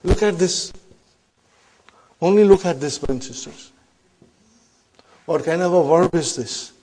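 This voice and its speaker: A man teaching Arabic grammar in a classroom lecture, emphatic, often checking in with the class and reciting verses quickly. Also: a little high, dark tone. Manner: emphatic, keeps asking "huh?" to check the class.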